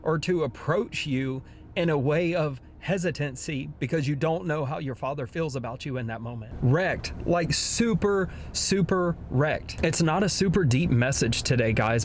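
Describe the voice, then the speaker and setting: A man's voice: fairly high pitch, moderate pace, slight background noise. A young man, a father, talking earnestly about faith in a personal devotional vlog, often restarting his sentences. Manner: earnest, heartfelt, with frequent restarts. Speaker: christian vlogger.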